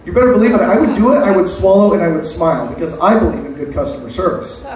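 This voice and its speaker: Brief: male open-mic comic, slightly high voice, crude self-mocking jokes, recorded from far back with faint room hum. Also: fast talker, darkish tone, heavy reverb. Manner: crude, self-deprecating punchlines. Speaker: stand-up comedian. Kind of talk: open-mic stand-up set. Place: open mic night venue.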